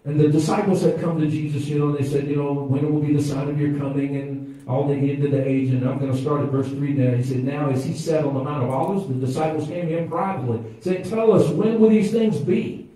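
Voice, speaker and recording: A pastor preaching a sermon, calling out to the congregation and swinging from quiet asides to loud exclamations. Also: male voice, a little high, fairly even intonation, brisk, few pauses. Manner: preaching with call-and-response to the congregation. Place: church sanctuary. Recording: echoey church from far off.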